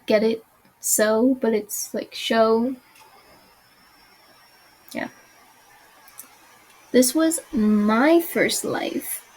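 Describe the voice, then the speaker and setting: A woman chatting casually over her gameplay, with a high, light voice. She hesitates, fills pauses and lets sentences trail off. The talk is relaxed and unscripted. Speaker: game player.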